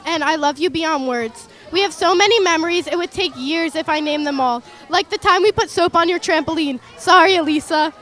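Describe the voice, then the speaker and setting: A woman's voice: very high-pitched, a bit bright. A young woman reading a heartfelt written speech to her best friend, earnest and affectionate. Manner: earnest, reads from a written note. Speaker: best friend giving a toast.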